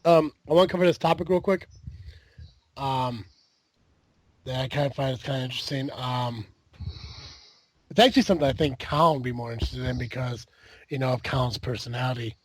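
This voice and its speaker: A man's voice: medium pitch, brisk, long pauses, no echo. A man hosting a podcast in casual chat, rambling with lots of fillers and the odd swear. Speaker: podcast host.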